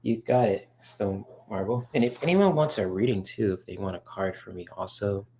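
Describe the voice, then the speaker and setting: A lowish, slightly mellow male voice comes through at a moderate pace, with a little hiss or hum in the audio. He hosts a casual livestream, rambling through viewers' chat questions with lots of fillers and real enthusiasm for comics.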